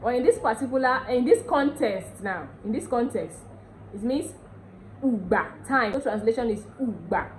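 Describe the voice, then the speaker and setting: A woman with a Nigerian accent teaching a casual language lesson, repeating words slowly and often checking that viewers follow. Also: a little high, animated, slight background noise, low-quality recording.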